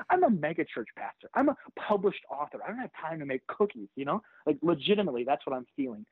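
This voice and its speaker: Animated pastor telling a story over a tinny line. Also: male voice, fairly high pitch, fast talker, few pauses, husky, no echo. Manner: animated, acts out quoted voices. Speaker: pastor and author. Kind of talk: storytelling in an interview.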